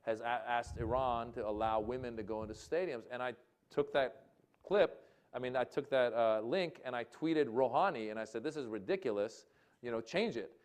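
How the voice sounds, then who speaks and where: A man telling comic stories on stage in a loose, conversational way, often restarting his sentences. He jumps into loud, lively impressions for punchlines. His voice sits at an ordinary middle pitch. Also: moderate pace. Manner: animated, self-interrupting, loud mimicry in jokes. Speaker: comedian and guest speaker. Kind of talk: casual conversational storytelling. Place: lecture hall forum with audience.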